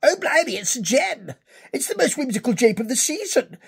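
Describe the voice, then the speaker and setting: A man's voice: very high-pitched, very animated, normal speed, creaky, breathy edge, voice pushed up, full character voice. A man voicing a theatrical, gushing upper-class English socialite with a posh English accent.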